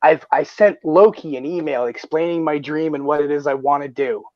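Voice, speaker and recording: A man hosting a casual livestream, who talks with excitement, swears often and restarts his sentences. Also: on the high side, moderate pace, no echo. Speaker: stream host. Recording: dull lo-fi stream audio.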